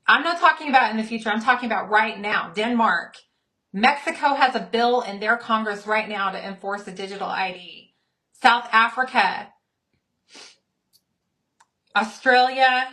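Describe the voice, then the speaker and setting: A woman speaks with a bright, forceful voice pitched a little high. She is openly fired up and angry. She hammers each point home in emphatic repeated lists, now and then reading a quote aloud. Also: rough recording. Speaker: speaker on a Christian talk show. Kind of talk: impassioned commentary.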